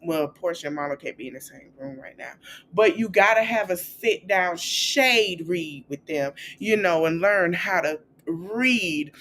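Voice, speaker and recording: A woman hosting a podcast, recapping celebrity gossip in a chatty, animated way and acting out quotes in a high, playful voice. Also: a little slow, a little hiss or hum. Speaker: podcast host.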